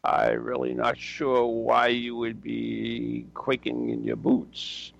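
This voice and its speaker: A man's voice: mid-range voice, monotone, slow, vocal fry, highs cut off. A man co-hosting a casual chat show, joking and rambling as he reads headlines. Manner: joking, rambling, laughs often. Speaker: podcast co-host.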